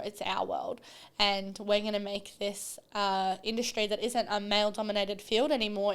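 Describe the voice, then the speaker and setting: A woman's voice: mid-range voice, smooth. A young adult woman hosting a solo podcast, talking bluntly and passionately and swearing freely. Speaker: podcast host.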